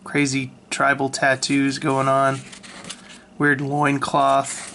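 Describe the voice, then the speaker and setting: A man casually talking through his old sketchbook, relaxed and self-mocking, with lots of ums and restarts, recorded on a handheld camera. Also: mid-range voice, takes it slowly, a little hiss or hum. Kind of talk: casual rambling commentary. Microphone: handheld camera mic.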